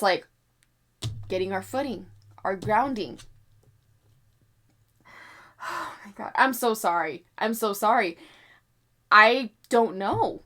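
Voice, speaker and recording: A young adult woman reading tarot cards for sports predictions in a casual chat to her viewers, animated, swearing freely and often apologizing. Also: mid-range voice. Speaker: tarot reader predicting basketball games.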